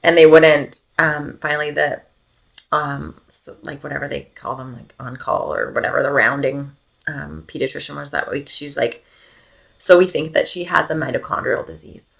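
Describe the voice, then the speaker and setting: A woman's voice: low voice, steady tone, moderate pace, vocal fry. A Canadian woman in her thirties telling the story of her baby daughter's illness in a podcast interview. She talks casually, with many fillers, and often drops almost to a whisper. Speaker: podcast guest, mother.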